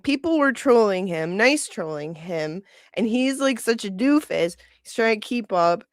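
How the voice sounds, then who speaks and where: A woman's voice: medium pitch, no room sound, studio quality. A woman hosting a livestream, chatting casually in a gossipy way and laughing often. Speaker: livestream host.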